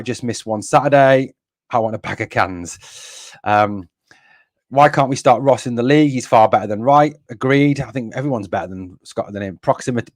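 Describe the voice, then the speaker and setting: A man from northeast England hosts a fan live stream in a mid-pitched voice. He rants bluntly and with exasperation, swearing and circling back over the same points, and reads viewer comments aloud. The sound is dry and close. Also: dry recording. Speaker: fan channel host.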